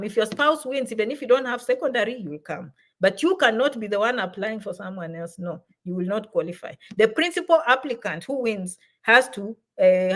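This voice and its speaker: A middle-aged woman chats on a casual livestream, her voice pitched a little high. She reads out viewers' comments and answers them warmly, in an easy, familiar way.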